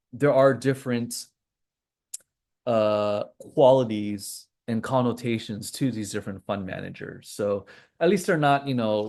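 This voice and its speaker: A man's voice: fairly low pitch, creaky. A man hosting a casual trading call, rambling through charts with joking asides and lots of fillers. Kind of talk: casual screen-share commentary.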